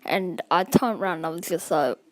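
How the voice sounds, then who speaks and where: A woman's voice: fairly low pitch, a little fast, dry recording. Rambling woman telling a story. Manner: rambling, full of "like" and "um" fillers. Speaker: vlogger. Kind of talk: casual storytime.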